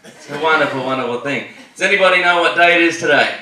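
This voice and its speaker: A man's voice: fairly high pitch, quick pace, bright, forceful tone. A man with an Australian accent doing a brash, profane stand-up comedy set on a club stage. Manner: brash and profane, punchy delivery. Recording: echoey club from a distance, noisy.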